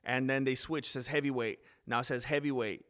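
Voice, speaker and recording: A man casually commentating a live fight stream, chatty and rambling, quick to get excited. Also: mid-range voice.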